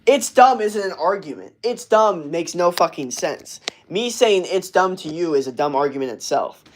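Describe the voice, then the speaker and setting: A man's voice: high voice, expressive, normal speed, slight background noise. A young man hosting a livestream, chatting casually in a brash, profane, rambling way with lots of fillers and restarts. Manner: reads and answers live chat messages. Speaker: livestream host.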